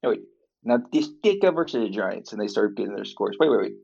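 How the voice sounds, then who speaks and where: Man, podcast co-host, casual chat, dry jokes, low gravelly voice. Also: very animated, darkish tone, muffled recording, a little hiss or hum. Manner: dry, jokey, measured. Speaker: fantasy football podcast co-host.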